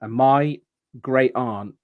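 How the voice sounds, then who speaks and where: A man guest on a podcast, telling stories in casual chat and pausing with many ums. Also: medium pitch, phone-quality sound. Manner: rambling storyteller, halting with many ums.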